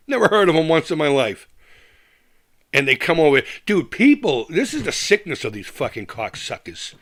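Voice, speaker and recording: A man's voice: fairly high pitch, big pitch swings, a little fast, fairly bright tone. Profane ranting male livestream host. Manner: profane, ranting, laughs often. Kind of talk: casual live chat, reading comments.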